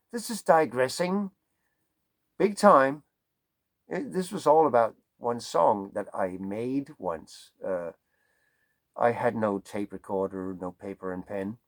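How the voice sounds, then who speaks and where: A man's voice: lowish voice, sing-song, takes it slowly, pauses often, dry recording. A man from Denmark with a Danish accent, a songwriter musing in a rambling, digressive way and playing with vowel sounds. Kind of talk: casual musing monologue.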